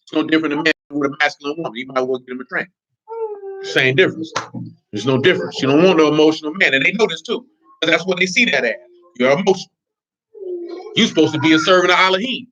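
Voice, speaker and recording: Fast, blunt street-talking male preacher. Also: fairly high pitch, sharp tone. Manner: streetwise, blunt, laughing asides. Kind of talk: informal religious teaching. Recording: dull lo-fi recording.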